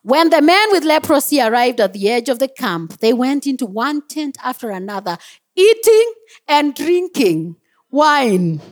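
Preaching a sermon in church at a measured pace, a woman with a high, swooping voice stays lively from beginning to end. She is animated, laughs at her own stumbles and lets out joyful whoops.

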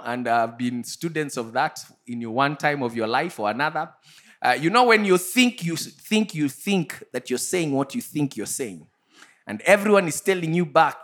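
A man, preaching a sermon and telling personal stories in an animated way. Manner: animated storytelling, jumps to high pitch for acted-out quotes. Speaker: pastor.

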